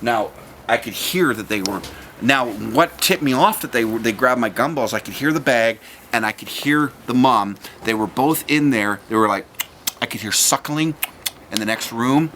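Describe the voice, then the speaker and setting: Animated man telling a story. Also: mid-range voice, moderate pace, slight background noise. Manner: animated, mimics voices and sounds, laughs often. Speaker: vlogger telling a childhood story. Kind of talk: casual storytelling.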